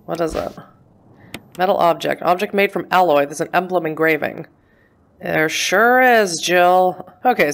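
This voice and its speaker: A woman's voice: sits low, creaky. A woman giving casual gameplay commentary, chatty and self-mocking, talking back to the game character. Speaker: let's play gamer.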